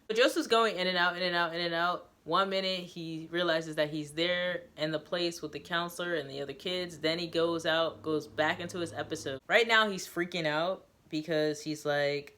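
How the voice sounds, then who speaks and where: A woman reading her own novel aloud in a steady storytelling voice, pausing to recap the story in casual asides. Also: low-pitched.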